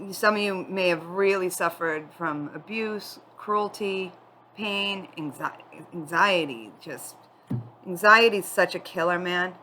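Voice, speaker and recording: A woman giving a spiritual tarot reading, tearful and crying as she talks in a candid, halting, confiding way. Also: lowish voice, sharp tone, slight background noise, low-quality recording. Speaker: tarot reader.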